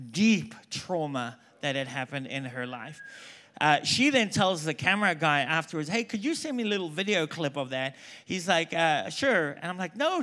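Animated male preacher telling stories. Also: sits high. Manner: animated storyteller, quoting people in hushed voices. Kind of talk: conference sermon with storytelling.

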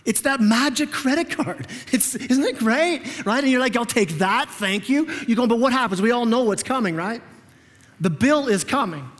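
Animated male preacher, high voice, long church reverb, chatty delivery. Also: normal speed. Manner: animated, conversational, repeats words as he restarts. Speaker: pastor. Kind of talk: sermon. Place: church sanctuary.

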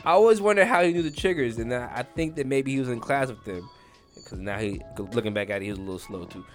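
A man's voice: medium pitch, animated, fast, faint music behind. A man co-hosting a comedy podcast, telling rambling crude stories, swearing and laughing a lot. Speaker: podcast co-host.

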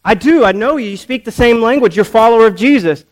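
A man's voice: very high-pitched, lively intonation, quick pace, pitched above the performer's own voice, poor audio. A man voicing a bystander in a crowd who insistently accuses someone. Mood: accusing. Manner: pushy, accusing.

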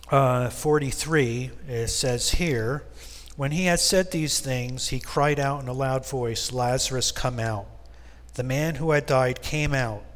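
Man teaching scripture in a reverberant church. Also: medium pitch. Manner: reads scripture aloud and explains it with casual asides. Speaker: Bible study leader. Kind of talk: Bible study teaching. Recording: long reverb in a church hall.

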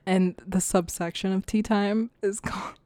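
A young woman hosting a casual podcast chat, giggly and self-deprecating with quick joking asides. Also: mid-range voice, fairly even intonation, mellow, slight background noise. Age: young adult. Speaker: podcast host.

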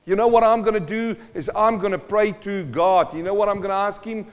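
A man preaching a sermon in a high voice. His delivery is emphatic, with repeated lines and rhetorical questions. The sound is dull and carries a long reverb from the church hall. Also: fairly quick. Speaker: pastor.

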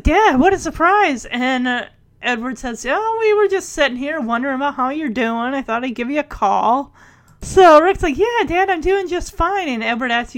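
A woman casually recapping a TV episode, laughing often and acting out the characters' lines in quick voices. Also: high voice.

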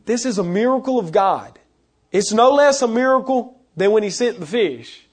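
A married man preaching a sermon, animated and acting out the voices he quotes. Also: sits high, normal speed, slightly rough. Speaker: pastor.

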